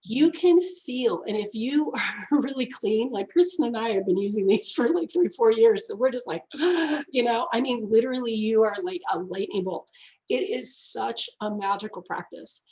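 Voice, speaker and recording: A woman's voice: on the high side, expressive, moderate pace, dark tone, low-quality recording. A woman teaching a gratitude class, effusive and emotional, laughing often as she explains.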